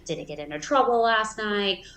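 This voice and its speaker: A woman's voice: mid-range voice, animated, normal speed, a bit bright, echoey room, a little hiss or hum, poor audio. A woman in her thirties telling a childhood story in a stand-up comedy set, casual and rambling with lots of fillers. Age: 30s.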